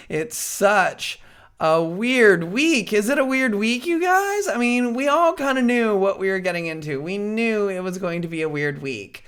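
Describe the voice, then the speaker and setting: A woman's voice: lowish voice, expressive, a little slow, clear, resonant tone. A woman hosting a live stream, chatting casually in a rambling way, with lots of fillers and easy laughs. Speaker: livestream host. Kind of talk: casual chat.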